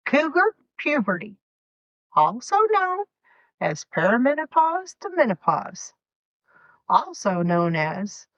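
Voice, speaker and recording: Podcast host, woman in her fifties, Southern accent, sarcastic and animated, drawls slowly, dry lo-fi sound. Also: a little high, no echo. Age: 50s. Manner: sarcastic, animated storytelling with mock quotes. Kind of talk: sarcastic comedic monologue.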